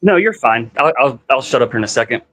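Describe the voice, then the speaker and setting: A man's voice: mid-range voice, animated, fast talker, fairly bright tone, no room sound, poor audio. A man talking casually as a guest, rambling with lots of fillers and acting out what people said. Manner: rambling, heavy on "like" fillers, acts out quoted dialogue. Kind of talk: casual storytelling conversation.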